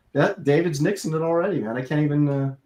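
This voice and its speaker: Middle-aged male artist-host, fairly high-pitched, chatty and rambling storyteller. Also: warm tone. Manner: rambling, with many fillers and restarts. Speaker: podcast co-host and comic artist. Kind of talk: casual storytelling chat.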